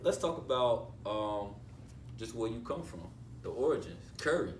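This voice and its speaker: A man's voice: medium pitch, big pitch swings, normal speed, echoey room, far from the mic, slight background noise. A man hosting a casual hip-hop interview in a radio studio, talking loose and hyped with lots of slang. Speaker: interview host.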